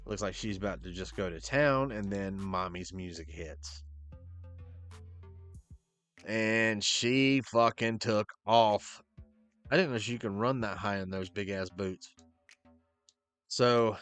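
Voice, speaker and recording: A man with a lowish voice runs through a wrestling episode in a loose, casual recap. He swears freely and drops into quick offhand impressions of the wrestlers as he goes. Faint music sits quietly behind him. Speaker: podcast host.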